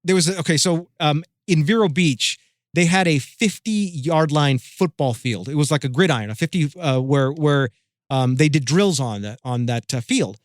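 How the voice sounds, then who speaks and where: Middle-aged guy telling old radio stories, kinda high voice, lots of restarts, dry close sound. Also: moderate pace, dry recording. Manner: animated, with many restarts and self-corrections. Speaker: guest, former sports radio host. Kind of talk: casual storytelling interview.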